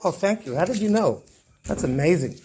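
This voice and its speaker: Rabbi, male, high voice, animated storyteller who acts out the dialogue. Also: fairly quick, background noise. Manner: lively storyteller acting out dialogue with Hebrew terms. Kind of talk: storytelling Torah class.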